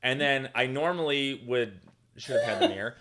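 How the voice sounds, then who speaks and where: A man's voice: mid-range voice, animated, normal speed, a loud crowd. A man in his thirties, a dentist co-hosting a podcast, telling a rambling story with frequent laughs and "like" fillers.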